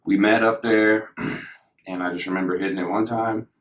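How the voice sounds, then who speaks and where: Deep-voiced laid-back man telling stories. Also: steady tone, moderate pace. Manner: laid-back, slangy, laughs through stories. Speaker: podcast guest. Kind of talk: casual storytelling. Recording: echoey room.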